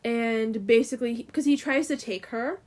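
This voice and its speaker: A woman's voice: fairly high pitch, moderate pace, a little mellow. A woman in casual chat, retelling a comic's story in a loose, filler-heavy way full of "like" and "um".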